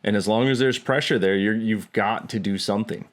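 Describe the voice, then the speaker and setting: A man co-hosting a podcast in casual chat, mostly giving brief, unhurried replies. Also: on the low side. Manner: slow, brief agreeing replies. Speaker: podcast co-host.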